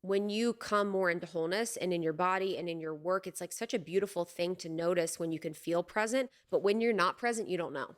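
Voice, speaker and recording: A woman's voice: on the low side, fairly quick, hardly any pauses. A young adult woman hosting a podcast, chatting casually and animatedly, often laughing and saying "like". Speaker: podcast host. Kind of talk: casual conversation.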